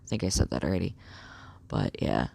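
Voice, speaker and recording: A young man chats to the camera in a casual vlog, his voice edged with creaky, gravelly fry. He rambles excitably, filling gaps with "like" and "um". The recording is dry and close, with almost no room sound. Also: low voice, brisk, no echo. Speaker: vlogger.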